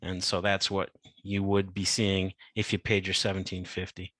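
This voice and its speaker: A man's voice: low-pitched, monotone, moderate pace, fairly bright tone, no echo. A male podcast host giving a chatty, casual recap with many fillers.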